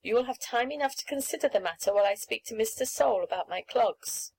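A woman voicing a patient, gently firm mother in a storybook reading, speaking in a measured way. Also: on the high side, vocal fry, slightly rough, poor audio. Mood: calm.

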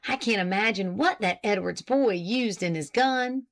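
A woman voicing a self-assured male small-town lawyer who speaks slowly and with dignity. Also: mid-range voice, natural voice. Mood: dignified.

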